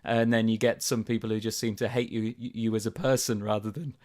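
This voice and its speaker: A man's voice: on the low side, level tone, brisk, darkish tone. A British man chatting casually as a guest narrator, hesitant and self-deprecating, with many fillers. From Britain. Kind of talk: casual conversation.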